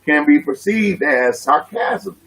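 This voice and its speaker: A man's voice: on the high side, lively intonation, takes it slowly, a bit bright, rough recording. A man hosting a live stream, talking through relationship advice with many questions and repeated phrases. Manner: questioning, repeats himself, preacher-like. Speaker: host.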